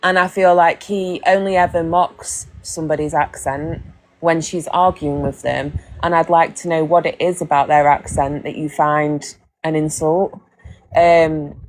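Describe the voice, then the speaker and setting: Low-voiced blunt British woman. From Britain. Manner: blunt and candid, swears freely. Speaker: live streamer. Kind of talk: casual chat.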